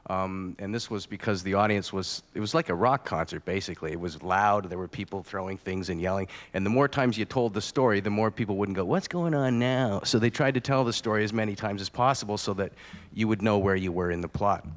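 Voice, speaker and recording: A man's voice: low-pitched, fairly even intonation, a little fast. A man performing on stage, explaining and joking with dry, wry humor. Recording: long hall reverb.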